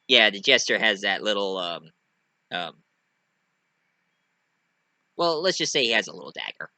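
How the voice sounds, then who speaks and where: A man's voice: moderate pace, long pauses, dry recording. A man casually telling his own fan story, rambling and hesitant with many fillers. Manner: rambling, hesitant, lively pitch.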